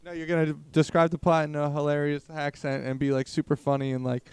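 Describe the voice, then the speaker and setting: A young man co-hosting a comedy podcast, his voice smooth and clear on a dry, close mic. He rambles and jokes crudely, throwing in profanity as he goes. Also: fairly high pitch, level tone, quick pace, a little mellow, no echo. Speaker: podcast co-host.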